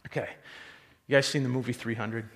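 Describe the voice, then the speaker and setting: A man preaching a sermon as a pastor, animated storytelling and rhetorical questions. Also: medium pitch, fairly quick, long reverb tail.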